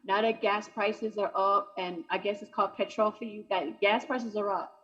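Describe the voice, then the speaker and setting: A woman's voice: medium pitch, steady tone, moderate pace, a bit bright, muffled recording. A woman doing a brash, chatty stand-up comedy set over a video call. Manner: brash, chatty, punchy delivery.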